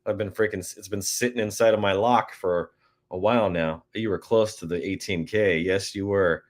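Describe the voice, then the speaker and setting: A man's voice: lowish voice, steady tone, moderate pace. A man casually hosting a live-stream prize giveaway, goofy and chatty, reading out codes and talking to viewers.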